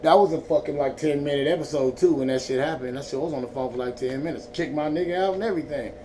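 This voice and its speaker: In a laid-back vlog, a stoned man from Northern California's Central Valley rambles through a profane story. His voice is a little high, quick and mellow, picked up by a distant mic over faint background noise.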